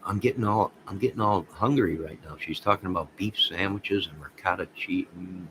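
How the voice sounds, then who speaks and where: Deep-voiced rambling man chatting on livestream. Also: brisk, few pauses, slight background noise, poor audio. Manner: rambling, excitable, talks to viewers by name. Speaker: livestream host reading chat. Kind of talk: casual livestream chat.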